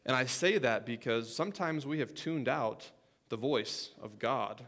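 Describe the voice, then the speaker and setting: A man's voice: mid-range voice, animated, a little slow, fairly bright tone. A middle-aged man preaching a sermon in a folksy, joking way, with football stories. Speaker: pastor.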